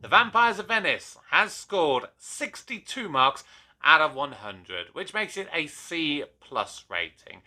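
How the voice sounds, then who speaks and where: A young YouTube reviewer hosts his own channel, speaking in a slightly high, bright, forceful voice. His review monologue is casual and opinionated, full of frequent restarts.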